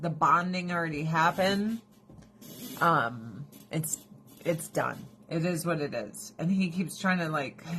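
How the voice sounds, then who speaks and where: A woman's voice: sits low, a bit bright, slight background noise. A woman hosting a casual livestream chat, talking bluntly and expressively, swearing freely and often laughing. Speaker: livestream host.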